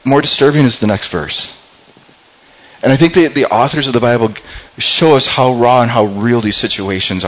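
A man's voice: mid-range voice, a bit bright, rough recording. A male pastor preaching a sermon, retelling a scripture story earnestly and often repeating words as he goes.

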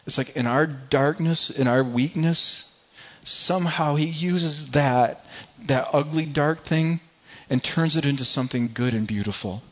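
A man's voice: on the high side, measured pace. A man preaching a sermon, earnest and repetitive, often restarting words and reading scripture aloud to the congregation. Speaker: pastor. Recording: dull lo-fi recording.

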